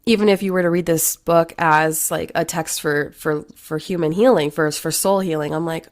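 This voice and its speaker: A woman's voice: sits low, fairly even intonation, normal speed, hardly any pauses. A woman hosting an interview, talking in an effusive, heartfelt way about a book. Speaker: podcast host. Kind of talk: interview conversation.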